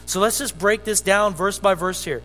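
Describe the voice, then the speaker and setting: A man preaching from the pulpit, chatty and animated, breaking into asides and stories. His voice sits high for a man. The sound carries a long hall reverb, and soft music plays underneath. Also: moderate pace. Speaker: pastor. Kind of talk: sermon. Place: church sanctuary.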